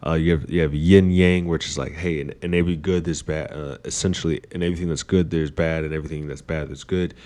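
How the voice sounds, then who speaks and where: A man's voice: extremely low pitch, steady tone, quick pace, hardly any pauses, darkish tone. A man hosting a casual philosophical monologue, rambling with many fillers and restarts. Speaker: podcast host.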